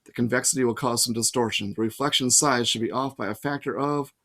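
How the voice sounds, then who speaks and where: A man reading aloud and voicing a clever, bossy teenage girl who speaks briskly and insistently. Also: mid-range voice, steady tone, bright, forceful tone, close to an everyday voice.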